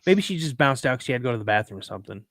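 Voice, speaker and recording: A man's voice: medium pitch, sing-song, very fast, a bit bright, no echo, studio quality. A middle-aged man hosting a podcast, chatting casually with rambling jokes and reading a listener's story aloud. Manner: rambling, joking, restarts sentences. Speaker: podcast host.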